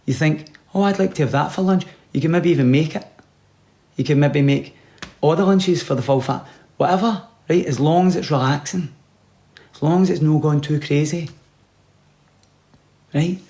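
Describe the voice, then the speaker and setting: A man giving rambling, deadpan comic advice, sometimes dropping to a whisper. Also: on the high side, normal speed, long pauses. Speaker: comedian. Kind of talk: comic monologue.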